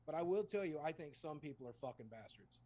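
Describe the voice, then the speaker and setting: A man's voice: on the high side, animated, mellow. A man casually telling a personal story, candid and heavy on swearing. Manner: profane, candid, fast-talking.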